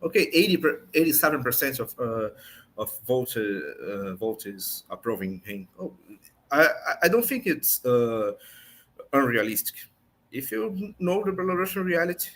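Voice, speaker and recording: A man commenting on politics in an online discussion show, earnest and pausing often to search for words in English. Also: medium pitch, fairly bright tone, husky.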